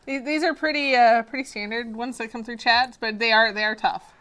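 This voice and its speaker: A woman's voice: fairly high pitch, fairly even intonation, fairly quick, a bit bright, clean tone. Chatty woman hosting a game stream. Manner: chatty, playful. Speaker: stream host. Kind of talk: casual gameplay chat.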